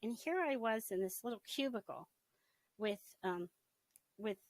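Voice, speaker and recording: A middle-aged woman giving a personal testimony in an interview, telling her story in a casual, animated way and often laughing as she acts out her past thoughts. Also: medium pitch, a little slow, dry recording, rough recording. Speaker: interview guest.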